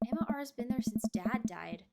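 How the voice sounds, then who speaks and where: Casting: woman voicing a rambling, exasperated teenage girl, pitched a bit high, loud game music behind. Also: expressive, brisk, gravelly. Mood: hurt. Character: upset teenage girl venting to her dad. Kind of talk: game script read aloud.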